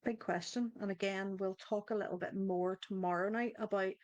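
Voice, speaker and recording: A woman's voice: mid-range voice, steady tone, moderate pace, darkish tone, no room sound. A woman hosting a live online coaching circle, talking conversationally, restarting her sentences and addressing viewers in the chat. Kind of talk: live-stream group coaching talk.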